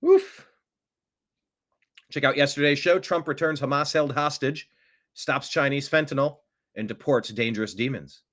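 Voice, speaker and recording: A man's voice: mid-range voice, normal speed, fairly bright tone. A man hosting a political news show, talking casually with wry, offhand remarks. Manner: wry, offhand, mocking asides. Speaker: political commentary show host.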